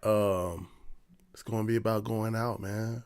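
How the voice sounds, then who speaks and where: A man's voice: fairly low pitch, steady tone, measured pace, darkish tone, clean tone. A man hosting a podcast, opening the episode in slangy, upbeat casual chat. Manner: hypes the show, slangy and upbeat. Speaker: podcast host.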